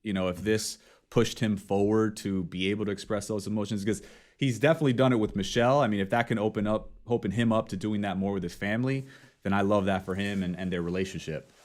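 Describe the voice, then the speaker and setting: Guy with a lowish voice chatting on a podcast, earnest, keeps saying you know what im saying. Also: steady tone, quick pace, darkish tone. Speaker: podcast guest. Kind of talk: casual chat.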